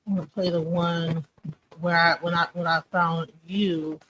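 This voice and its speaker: A woman's voice: lowish voice, level tone, measured pace, fairly bright tone, a little hiss or hum, rough recording. A woman co-hosting a live commentary stream, talking casually and rambling, often checking in with "you know what I'm saying.".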